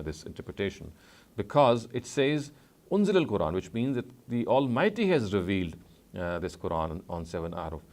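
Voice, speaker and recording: The scholarly lecture comes from an Islamic studies teacher whose male voice is low and measured. He regularly stops on "uh" and goes back to correct himself.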